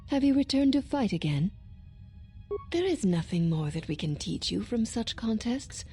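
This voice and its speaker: An actress voicing a stern, formal female warrior in a video game, speaking in measured, solemn lines. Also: on the high side, very animated, dark tone. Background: game music.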